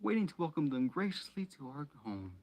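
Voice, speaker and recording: A man voicing a fussy, prim middle-aged aunt in a high, fluttery put-on voice. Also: very animated, brisk, a little mellow. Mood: gushing.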